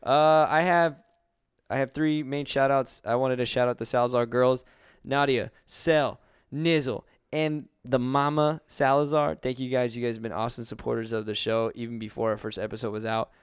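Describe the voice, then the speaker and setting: A man's voice: mid-range voice, flat delivery, moderate pace, clear, resonant tone, no room sound, clean studio sound. A man co-hosting a casual podcast, rambling and swearing freely, with lots of "like" fillers. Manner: rambling, cursing, heavy on "like". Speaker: podcast co-host. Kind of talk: casual chat. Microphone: webcam.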